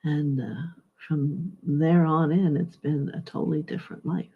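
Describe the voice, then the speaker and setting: A middle-aged woman gives a heartfelt spiritual testimony, pausing often as she speaks. Her voice is husky and unhurried. The recording sounds dull and lo-fi. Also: deep voice, fairly even intonation. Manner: slow, halting, heartfelt, soft-spoken.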